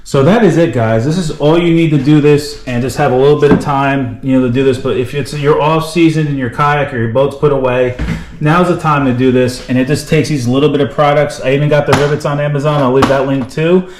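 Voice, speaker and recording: A man's voice: medium pitch, steady tone, fairly quick, background noise. Folksy rambling man explaining a DIY project. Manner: folksy, rambling, lots of "you know" and "uh". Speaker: DIY video host. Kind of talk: casual how-to walkthrough.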